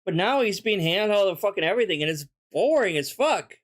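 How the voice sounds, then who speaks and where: Man, reaction streamer, fairly high voice, mocking, swears a lot. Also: lively intonation, fairly quick. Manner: blunt, mocking, swears often. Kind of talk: casual reaction commentary.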